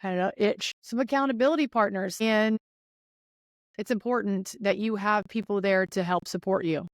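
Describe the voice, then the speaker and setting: A young woman hosting her podcast, giving listeners an energetic, chatty pep talk and speaking right to them. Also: medium pitch, normal speed, no echo, clean studio sound. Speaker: podcast host. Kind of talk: casual motivational monologue.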